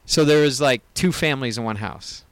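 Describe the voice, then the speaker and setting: A man's voice: medium pitch, brisk, smooth, no room sound. A man co-hosting a podcast, probing a guest with jokes in casual chat. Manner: probing, joking interviewer. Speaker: podcast co-host.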